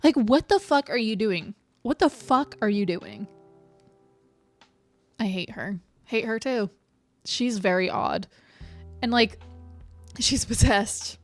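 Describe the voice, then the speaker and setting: A woman's voice: a little high, expressive, takes it slowly, pauses often. A young adult woman streaming a game, chatting casually in a rambling way, swearing freely and laughing often. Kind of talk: casual chat while playing a game. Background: faint background music.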